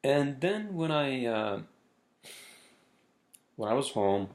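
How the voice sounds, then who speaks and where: A man hosting a casual solo show, rambling and swearing freely with plenty of halting. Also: medium pitch, sing-song. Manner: rambling, profane, halting with fillers. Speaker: podcast host.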